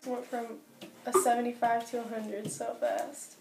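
High-voiced young woman, teasing. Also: flat delivery, a little slow, noisy background. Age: young adult. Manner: teasing, laughs often. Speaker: vlogger getting her makeup done. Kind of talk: casual chat. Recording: roomy home room echo.

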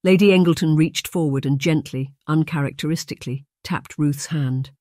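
A man narrating a period romance audiobook in a measured storytelling manner on a close microphone. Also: a little high, darkish tone, no echo. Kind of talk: scripted narration.

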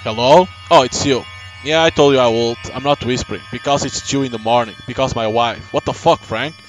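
Brief: a man doing a cornered, cursing, boozy writer of middle age, mid-pitched voice, faint music behind. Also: brisk, natural voice, low-quality recording. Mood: tense. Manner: reads game dialogue aloud, gruff and cursing. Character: hard-drinking struggling male writer, middle-aged, cornered.

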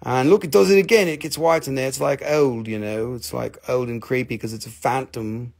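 A man's voice: mid-range voice, fairly even intonation, brisk, gravelly, a little mellow. A man hosting a live crystal sale, rambling and joking with crude humor and playful put-on voices. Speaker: host selling crystals on a live stream. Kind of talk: casual live sales chat.

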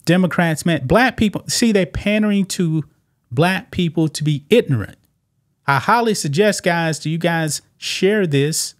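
A man hosting political commentary over clips, emphatic and repetitive, who keeps tossing in "man". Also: on the high side. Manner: emphatic, repeats points and keeps saying "man". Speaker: commentary channel host.

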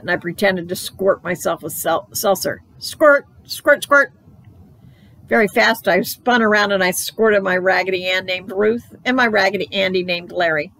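A woman reading a children's book aloud for library storytime, in a playful, animated storytelling manner. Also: lowish voice, low-quality recording.

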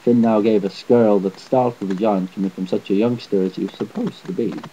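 A man reading a fairy tale aloud in a measured, slightly unpolished delivery. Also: on the low side, fairly even intonation, warm tone, slight background noise. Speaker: storyteller. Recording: dull lo-fi home recording.

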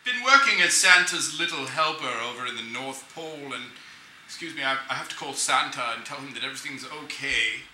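A man's voice: medium pitch, animated, fairly quick, close to an everyday voice. A man voicing a campy, tipsy male weasel puppet who hosts the show, rambling with giggly asides. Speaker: host. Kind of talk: comic puppet monologue. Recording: roomy echo with music behind.

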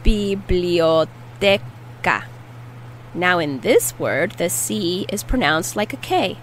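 Female language teacher, slow deliberate delivery, lowish voice, faint hum behind. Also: sing-song, fairly bright tone, poor audio. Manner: slow, careful repetition of words. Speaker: Spanish teacher. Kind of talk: language lesson.

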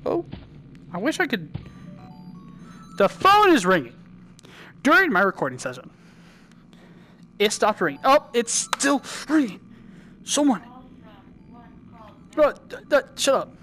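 A woman hosting her own gaming channel, chatting and joking through a VR game and breaking into loud yells. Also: sing-song, a little slow, pauses often, a little hiss or hum. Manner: chatty, jokey, bursts into high yelling. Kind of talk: casual gameplay commentary.

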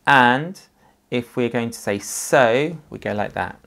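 A male primary school teacher teaches a story through actions. He speaks slowly and patiently, encouraging young children to join in. His voice has a gravelly texture. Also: lowish voice, fairly even intonation, a bit bright.

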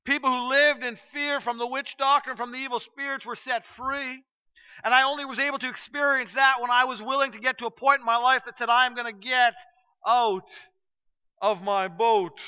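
A man preaching a sermon as pastor, telling a story with sudden shifts from loud to hushed. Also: extremely high pitch, little pitch movement, quick pace, clean tone, dull audio. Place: church sanctuary.

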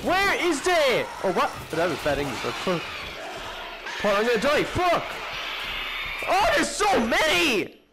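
A man commentating his own VR horror gameplay, jumpy and swearing, often shrieking and yelling at the enemies. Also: very high-pitched, wildly swooping pitch, slow pace, long pauses, over loud music. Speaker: gamer playing a VR horror game.

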